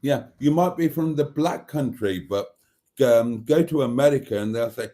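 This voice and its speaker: Middle-aged British male host, rambling live-stream chat, dark mellow tone, dry humour. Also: medium pitch, expressive, normal speed. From Britain. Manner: chatty and rambling, with dry jokes and mock outrage. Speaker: livestream host reading viewer comments.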